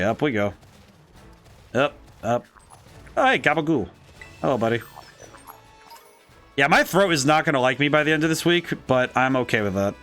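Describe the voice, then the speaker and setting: A man streaming a video game with a dry, cracking throat, thinking aloud and breaking into excited, disbelieving outbursts. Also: medium pitch. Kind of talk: casual let's-play commentary.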